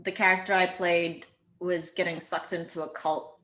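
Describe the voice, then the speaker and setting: A woman's voice: on the low side, flat delivery, normal speed, fairly bright tone, reverberant. A woman guest on a call, chatting casually and laughing easily with a lot of likes and ums. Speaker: actress and filmmaker guest. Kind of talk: casual interview chat.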